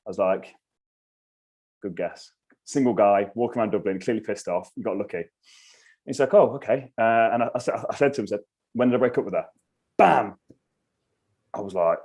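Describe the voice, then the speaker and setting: A man, a podcast guest telling a story in casual chat, animated and swearing freely. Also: fairly low pitch. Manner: animated, swears freely, acts out his own reactions.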